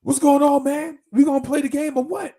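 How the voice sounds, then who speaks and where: A man voicing his huge, loud army buddy, shouting in a high, booming voice. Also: fairly even intonation, fairly quick. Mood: loud excited.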